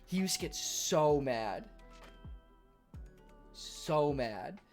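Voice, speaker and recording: Young man streaming, animated pitch, rambling chatter, faint music behind. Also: extremely slow. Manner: animated, rambling, filler-heavy. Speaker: livestreamer. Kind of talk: casual stream chat.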